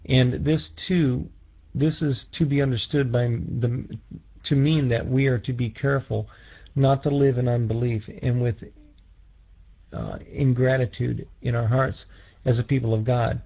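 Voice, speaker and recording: A man teaching scripture in a measured way, restarting phrases and putting questions to his listeners. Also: mid-range voice, fairly even intonation, gravelly, slightly rough. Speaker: Bible teacher. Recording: dull lo-fi recording.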